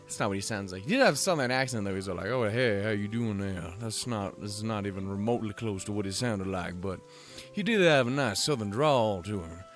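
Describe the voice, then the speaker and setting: A man's voice: lowish voice, animated, brisk, faint music behind. A man hosting a let's play, rambling and self-deprecating, swearing freely as he reads through a game. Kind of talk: casual game commentary and reading.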